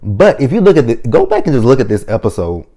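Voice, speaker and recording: A man giving casual, excited fan commentary as a vlogger, rambling and getting himself hyped up. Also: medium pitch, fast talker. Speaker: vlogger ranking team-up episodes.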